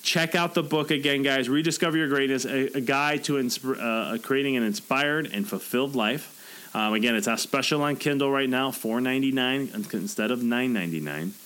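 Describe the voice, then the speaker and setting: Speaking at a normal pace in a medium-pitched, fairly bright voice, this author runs a motivational podcast alone, though the audio is poor. His earnest coaching includes voicing the inner thoughts people have.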